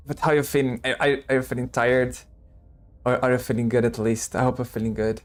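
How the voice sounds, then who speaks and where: A male streamer chatting casually with his viewers while he plays, talking low, quiet and gravelly, and laughing often. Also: flat delivery. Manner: speaks low and quiet, gravelly, like a movie vigilante; slow, laughs often, talks to chat. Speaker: streamer playing a game. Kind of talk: casual live-stream chat.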